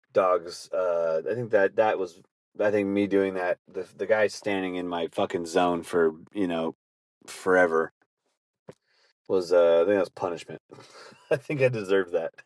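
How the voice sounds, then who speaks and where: Low-voiced man telling profane stories. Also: no echo. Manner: profane, rambling, laughing often. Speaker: podcast host. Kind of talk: casual storytelling.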